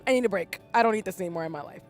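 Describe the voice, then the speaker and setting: A woman's voice: mid-range voice, racing, faint music behind. A woman in her thirties streaming a game live, tearful, emotional and goofy as she talks through it. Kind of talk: live gameplay commentary.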